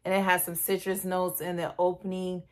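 A woman's voice: lowish voice, monotone, brisk. A woman beauty vlogger chatting casually and gushingly to her viewers in a perfume review. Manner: gushing, chatty, addresses viewers as "you guys".

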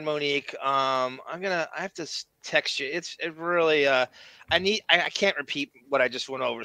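A man's voice: mid-range voice, pushed and bright, no room sound. A man with a Long Island accent hosting a casual live-stream chat, rambling and self-deprecating. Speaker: show host.

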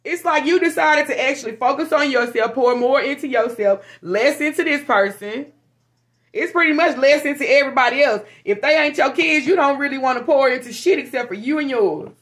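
A woman reads tarot for her viewers in a loose, chatty way. She talks frankly and curses freely, animated and quick to laugh, in a slightly high voice. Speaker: tarot reader. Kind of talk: casual tarot reading to viewers.

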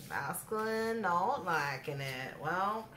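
Woman, tarot reader, somewhat low voice, chatty and direct with viewers; echoey room, card shuffling heard behind. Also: animated, slow pace. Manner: chatty, addresses viewers directly, breaks into laughter. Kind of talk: casual spoken tarot reading. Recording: echoey room with clear background noise.

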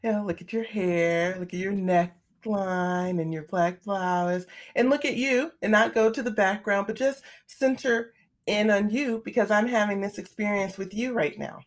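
A woman guest telling a personal story in an earnest, expressive, conversational way. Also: mid-range voice, moderate pace. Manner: expressive, earnest, talks through her feelings openly. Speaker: podcast guest.

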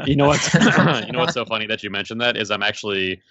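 A man's voice: lowish voice, lively intonation, fairly quick, pushed and bright, dry recording. An American man who is a podcast guest, talking in an easygoing, friendly way over a call. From United States. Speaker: guest author. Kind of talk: casual conversation on a podcast. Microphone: own microphone on a call. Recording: muffled, dry online call audio.

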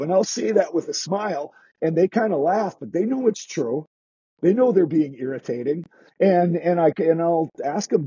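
A man's voice: on the high side, animated, normal speed, mellow, slightly rough, dry recording, dull audio. A man who teaches skating, talking casually in a podcast interview, restarting his sentences and acting out what kids say. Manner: chatty, restarts sentences, acts out quoted kids. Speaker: skating instructor.

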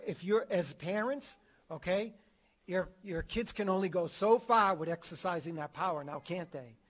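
Brief: male catechism teacher, slightly higher voice, animated, acts out quotes, frequent restarts. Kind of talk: theology class lecture.

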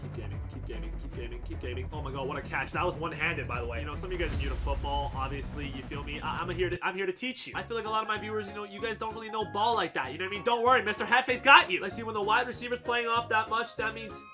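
A young man giving boastful, trash-talking commentary over his own football video game, swinging from muttering to shouting. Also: high-pitched, steady tone, very fast, hardly any pauses, loud music behind the voice. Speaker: gaming YouTuber. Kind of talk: hyped gameplay commentary.

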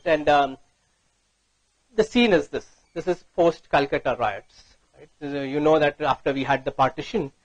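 Fairly high-voiced man giving a talk. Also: no echo, rough recording. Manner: storytelling, frequent "right?" tag questions. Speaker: speaker. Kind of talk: conference talk.

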